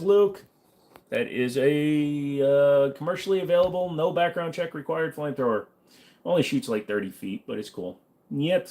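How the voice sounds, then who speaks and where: Brief: young male streamer, casual, crude, quick jokes, mid-range voice. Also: mid-range voice, a little mellow. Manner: joking, profane, answers chat questions. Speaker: livestream host reading viewer questions. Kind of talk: casual livestream Q&A.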